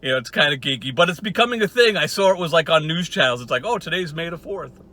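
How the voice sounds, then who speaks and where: A man's voice: fairly high pitch, expressive, fast talker, bright, forceful tone. A man hosting his own channel, ranting casually in a profane, sarcastic and rambling way. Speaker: channel host.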